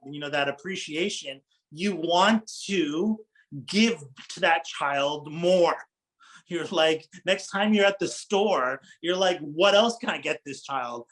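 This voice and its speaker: Middle-aged male preacher, fairly high voice, informal, asks the crowd questions. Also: fairly bright tone, rough recording. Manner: engaging, asks the audience questions, laughs lightly. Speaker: Islamic preacher. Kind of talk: conversational religious talk to an audience.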